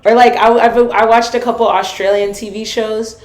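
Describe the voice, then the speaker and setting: A woman's voice: a little high, steady tone, moderate pace. An American woman co-hosting a casual podcast chat, talking over her partner and repeating words as she goes. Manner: talks over others, repeats words while finding them. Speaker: podcast co-host. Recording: echoey room.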